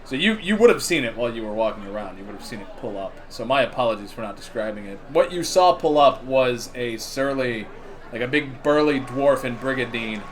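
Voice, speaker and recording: A man narrating as game master in a relaxed, casual way with asides. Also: medium pitch, brisk.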